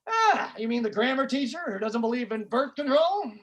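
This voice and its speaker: A woman putting on the voice of her gruff, judgmental old father, who grumbles and opens with a dismissive "eh", recorded live in a club with crowd laughter. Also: a little high, very animated, moderate pace. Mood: grumbling.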